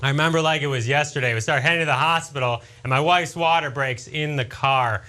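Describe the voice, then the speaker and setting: A man's voice: on the high side, brisk, bright, forceful tone. A man in his forties doing a stand-up comedy routine with punchy joke delivery.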